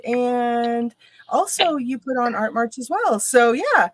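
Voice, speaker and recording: Hosting a casual livestream interview, a woman chats animatedly and reads viewer comments aloud. Her voice is a little high and she speaks slowly, on a dry recording.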